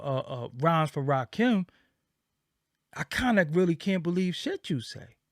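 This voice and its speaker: A man with a somewhat high voice gives casual commentary as an interviewer. He talks emphatically and repeats his points for weight. The sound is dry and close. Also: dry recording. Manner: emphatic, repetitive, acts out quoted reactions.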